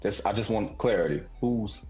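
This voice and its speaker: A man's voice: on the low side, normal speed, a little mellow, soft background music. A man from Detroit co-hosting a casual sports talk show, emphatic and guarded, repeating short phrases. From Detroit, United States. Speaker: co-host.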